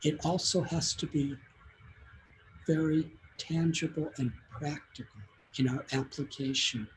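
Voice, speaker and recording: A man's voice: a little high, fairly even intonation, measured pace, a little hiss or hum, low-quality recording. A man telling a devotional story as a sermon, in an earnest and heartfelt way. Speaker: spiritual teacher giving a talk.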